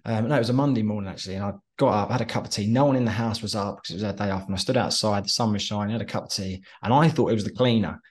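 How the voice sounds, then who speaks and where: A man talking casually in an interview, telling stories and slipping into quick impressions of other people. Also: fairly low pitch. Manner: chatty storyteller, drops into quick impressions of others. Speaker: interview guest, former soldier turned entrepreneur. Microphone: phone call.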